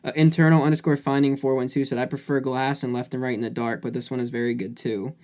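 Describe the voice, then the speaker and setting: A man's voice: medium pitch, flat delivery, fast, darkish tone. A man co-hosting a music podcast, talking loosely in casual chat with many fillers and restarts. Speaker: podcast co-host.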